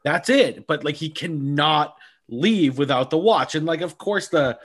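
A man co-hosting a casual film podcast, talking in an animated way, swearing a lot and acting out scenes with many restarts. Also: on the high side, measured pace. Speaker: podcast co-host. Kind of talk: casual chat about films.

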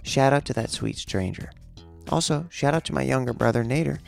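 A man's voice: medium pitch, fairly quick, vocal fry, a little mellow, pitched above the performer's own voice. A man voicing an imagined male listener earnestly reading his own letter aloud, with faint guitar behind.

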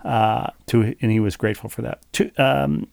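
A man's voice: on the low side, fairly even intonation, normal speed, creaky, a little mellow, dry recording. A middle-aged man co-hosting a podcast, chatting casually and reading a listener's email aloud in a dry, wordy, playful way. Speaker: podcast co-host.

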